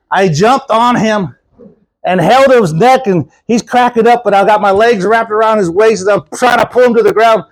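A man's voice: high voice, normal speed. A man preaching a storytelling sermon, acting out the voices in his story and laughing often with the congregation. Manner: animated, acts out quoted voices.

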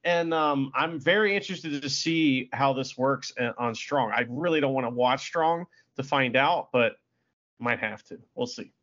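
A man co-hosting a casual wrestling podcast, chatty and relaxed, swearing freely. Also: mid-range voice, moderate pace, dull audio. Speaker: podcast co-host. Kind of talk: casual wrestling recap chat.

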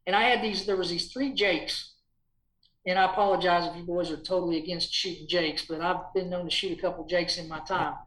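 A man telling stories as a podcast guest in a lively, chatty way, acting out quotes with a raised voice. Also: high-pitched, fairly quick, roomy sound, rough recording. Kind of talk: casual storytelling.

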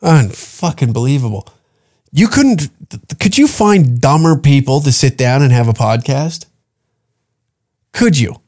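A man's voice: mid-range voice, very animated, a little slow, darkish tone. A man hosting a podcast, ranting in a profane, mocking, incredulous tone as he reacts to a clip. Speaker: podcast host. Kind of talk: comedic reaction rant.

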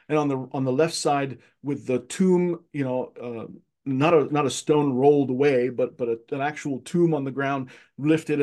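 A man from Egypt, a podcast guest, telling childhood stories in casual conversation, lively and often repeating words as he searches for them. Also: medium pitch.

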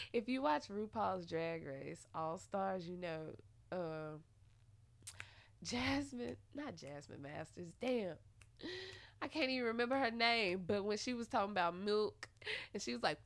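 A young woman talks straight to her listeners, candid and profane, dropping into quiet musing and then flaring up into loud venting. Her voice sits high and bright and moves a lot in pitch. The sound is dry and close, with no room around it. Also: expressive, a little slow, dry recording. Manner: heavy slang and swearing, dramatic retelling. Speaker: podcast host. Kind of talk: casual personal monologue.

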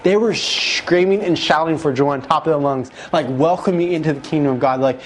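A man giving an emotional testimony as a guest, retelling it with excited, animated emphasis that jumps up at key moments. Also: a little high, a little fast, hardly any pauses, a little hiss or hum.

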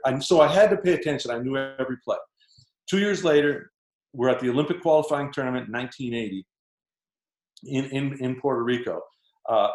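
A man from Canada, a former basketball player, telling stories as a guest and acting out his coaches' lines. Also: medium pitch. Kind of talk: casual storytelling. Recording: roomy echo.

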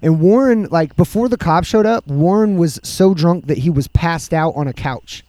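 A man's voice: fairly high pitch, moderate pace. A man casually telling rambling, profane party stories among friends.

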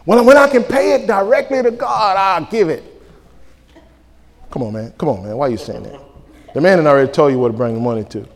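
A male pastor preaching a sermon, lively and colloquial, acting out back-and-forth dialogues. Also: high-pitched, fast talker. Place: church sanctuary. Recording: reverberant church hall.

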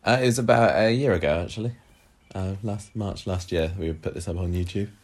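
An easygoing man co-hosting a podcast, with a very deep, low-pitched voice. He chuckles often and leans on fillers as he thinks aloud. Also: fairly quick. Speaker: podcast co-host. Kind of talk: casual podcast chat.

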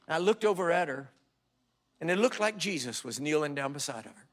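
A middle-aged male preacher telling stories in a sermon, with dramatic swings from hushed to loud and quotes acted out in voices. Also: a little high, expressive, a little fast. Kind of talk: sermon with storytelling.

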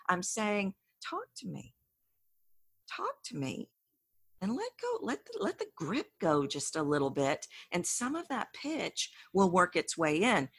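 Woman coach guest, kinda low voice, earnest, trips over a few words, very dry close mic. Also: fairly bright tone, no room sound. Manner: earnest, coaching, repeats words as she thinks. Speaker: voice and communication coach. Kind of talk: conversational interview.

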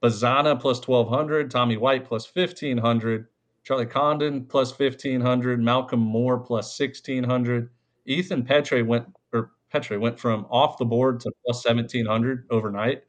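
A man's voice: mid-range voice, steady tone, measured pace. A man hosting a sports podcast, talking loosely with lots of fillers and easy laughs. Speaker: podcast host. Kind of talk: casual sports chat.

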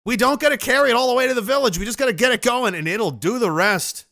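A man's voice: very high-pitched, fast, sharp tone, no room sound, studio quality. A man from Nova Scotia hosting a casual livestream, rambling and swearing freely as he jokes and reads out viewer messages. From Nova Scotia, Canada. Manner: rambling, profane, joking. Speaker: livestream host.

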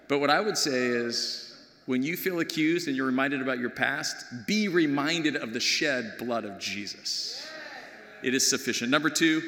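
A middle-aged male pastor delivers a sermon with lively storytelling, swinging between loud bursts and hushed asides. His voice sits a little high with a bright, forceful tone. The sound carries a long reverb from a large church sanctuary. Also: a little fast.

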